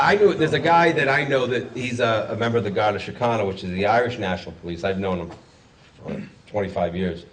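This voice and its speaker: A man's voice: lowish voice, distant mic, poor audio. A man, a journalist telling stories in a rambling, wry, self-correcting way. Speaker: journalist guest speaker. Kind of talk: casual storytelling talk.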